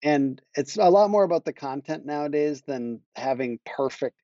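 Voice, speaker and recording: A guest on a marketing podcast, an agency owner, tells a story in a slightly high, lively, dark-toned voice at a moderate pace. Heard in lo-fi sound with no room sound, he rambles, breaks off his own sentences, and laughs as he goes.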